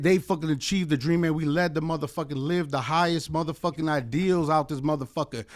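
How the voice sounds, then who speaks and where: A man's voice: on the high side, fairly quick, hardly any pauses. An American man, a guest attorney on a podcast, talking in an impassioned, rambling, heavily profane way, with many fillers. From United States. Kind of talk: impassioned casual podcast chat.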